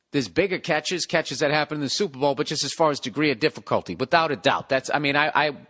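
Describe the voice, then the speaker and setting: A man's voice: mid-range voice, a bit bright. A man hosting his podcast alone, ranting sarcastically and with lots of swearing, breaking into mocking impressions. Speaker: podcast host. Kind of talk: solo rambling podcast monologue.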